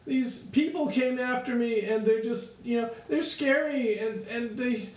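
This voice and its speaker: A man's voice: very high-pitched, roomy sound, distant mic, voice pushed up. Man doing a scared little girl. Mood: frightened. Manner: breathless, halting. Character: frightened little girl, sobbing.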